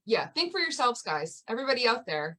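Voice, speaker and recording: A woman's voice: on the high side, sing-song, fairly quick, bright, forceful tone. Thoughtful woman in a casual podcast chat. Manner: thoughtful, hedging, laughs often.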